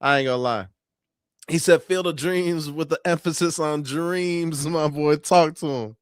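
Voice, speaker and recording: A man's voice: fairly high pitch, fairly even intonation, unhurried, clear, resonant tone, dry recording, studio quality. A man hosting a sports channel, giving casual, laughing, slang-filled reactions to a news clip.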